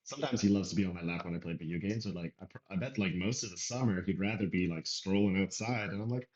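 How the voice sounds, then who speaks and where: A man's voice: sits low, quick pace, few pauses, darkish tone, muffled recording. A man doing casual reaction commentary, rambling and talking over the clip he is playing. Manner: rambling, conversational, talks over clips.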